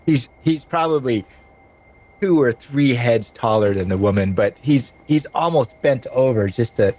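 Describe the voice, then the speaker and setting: A man narrating a tabletop game as game master, slow and descriptive with frequent laughs. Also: mid-range voice, animated, darkish tone, poor audio.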